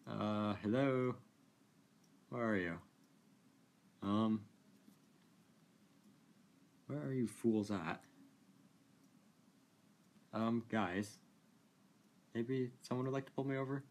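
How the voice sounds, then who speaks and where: A man giving casual, amused commentary while playing a racing game, chatty and quick to laugh. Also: mid-range voice, darkish tone. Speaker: gaming video creator.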